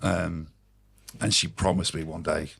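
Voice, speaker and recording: A man's voice: deep voice, level tone, measured pace, creaky, a bit bright, a little hiss or hum. A man, a podcast guest, telling rambling, swearing anecdotes in casual storytelling.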